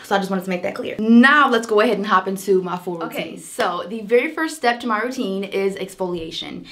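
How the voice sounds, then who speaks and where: A woman's voice: medium pitch, brisk, fairly bright tone. A young American woman with a chatty, sisterly manner, giving casual beauty advice to camera and calling her viewers "girl". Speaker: beauty vlogger.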